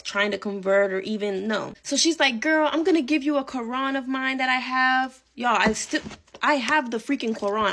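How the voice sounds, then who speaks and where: A woman's voice: fairly high pitch, gravelly, fairly bright tone. A young woman telling a casual storytime vlog, chatty and dramatic, swearing and dropping Spanish phrases.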